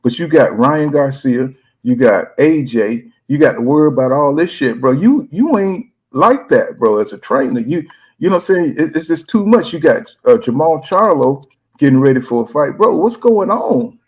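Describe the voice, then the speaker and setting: Man, husky voice, casual boxing show host, slangy, reads viewer comments. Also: medium pitch, animated, moderate pace, low-quality recording. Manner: slangy, repeats "you know what I'm saying". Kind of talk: casual chat.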